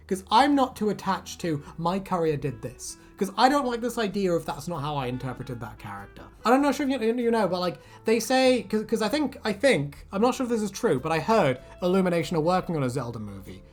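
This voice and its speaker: Woman co-host, low voice that swings widely, playful chat over faint music. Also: brisk, hardly any pauses. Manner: animated, laughs often, jumps into silly voices. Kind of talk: casual chat.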